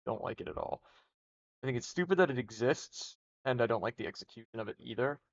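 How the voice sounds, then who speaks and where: A young streamer talks fast in an expressive, medium-pitched voice, captured in dull lo-fi audio. Rambling casually through rankings on his livestream, he restarts often and swears.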